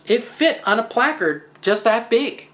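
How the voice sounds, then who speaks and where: A man hosting a stand-up style physics talk, telling stories with wry, animated asides and self-deprecating humor. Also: extremely high pitch, a little slow. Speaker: host.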